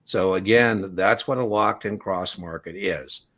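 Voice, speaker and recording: A man with a fairly low voice leads an exam prep class. He explains things casually and leans on everyday analogies to make his points. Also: unhurried, fairly bright tone. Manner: casual explanatory, uses analogies and acted quotes.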